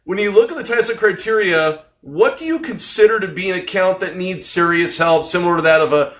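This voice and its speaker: Man, host, live-streamed interview, energetic, rambling questions, slightly high voice. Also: brisk, hardly any pauses.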